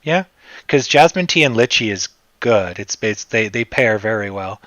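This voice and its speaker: A man from Canada hosting a casual livestream, rambling in a relaxed way and answering his chat. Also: on the low side, moderate pace, dry recording, dull audio. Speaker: livestream host.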